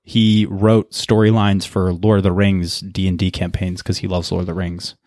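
A laid-back man hosting a podcast, talking loosely and swearing now and then. His voice sits on the low side. It is recorded close and dry, with no room echo. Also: flat delivery, moderate pace, a little mellow. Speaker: podcast host. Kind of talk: casual chat.

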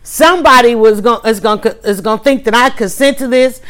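Woman livestream host, slightly high-pitched, animated and emphatic as she tells her story. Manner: animated, talks fast with restarts and emphatic asides. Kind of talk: casual storytelling to viewers.

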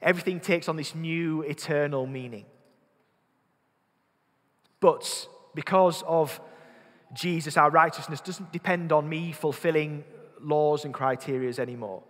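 A man's voice: a little high, fairly even intonation, measured pace, a bit bright. A man with a Yorkshire accent preaching a sermon, earnest, repeating words as he thinks and putting questions to the congregation. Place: church. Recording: long hall reverb.

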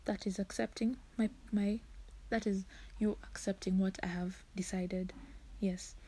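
A woman's voice: medium pitch, steady tone, measured pace, mellow, a little hiss or hum. A young woman talking frankly and earnestly as a podcast guest, with frequent short laughs. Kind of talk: casual podcast talk.

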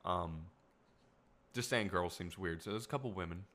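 A man's voice: low voice, normal speed, fairly bright tone. A man in his twenties telling a casual, rambling travel story, often correcting himself mid-sentence. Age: 20s. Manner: rambling, self-correcting, upbeat.

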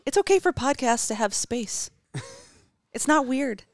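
A woman's voice: high-pitched, lively intonation, a little slow, no echo. A woman hosting a podcast, playful and teasing in casual chat. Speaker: podcast host.

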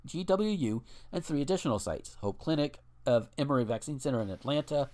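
A man hosting a podcast in casual chat, rambling and profane with frequent restarts. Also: a little high.

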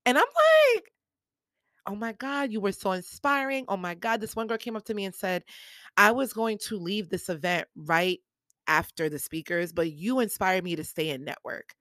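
A woman's voice: lowish voice, a bit bright, no room sound. A woman hosting her own podcast, telling a story casually and acting out the people she quotes with big jumps in her voice, recorded on a podcast mic. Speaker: podcast host.

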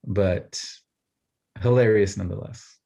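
Lively dad telling a story. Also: male voice, on the low side, unhurried, gravelly. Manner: animated storyteller, laughs often. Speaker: podcast co-host. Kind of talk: casual chat.

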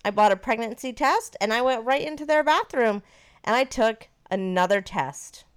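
A woman's voice: a little high, moderate pace, clear, resonant tone. Chatty woman telling a story. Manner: chatty, animated, swears casually. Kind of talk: casual storytelling chat.

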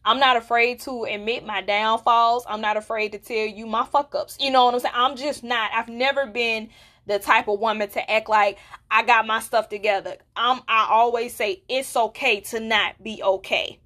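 A woman's voice: on the high side, steady tone, moderate pace, bright, forceful tone. A woman in her twenties hosting a solo podcast, talking candidly and bluntly, often checking in with her listeners. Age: 20s. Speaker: podcast host. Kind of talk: casual solo podcast talk.

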